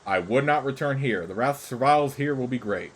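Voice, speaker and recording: A man voicing a sly creature spy in a fantasy game, speaking in measured, formal, persuasive sentences. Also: mid-range voice, expressive, a little hiss or hum, natural voice, rough recording. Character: sly scheming creature spy urging betrayal.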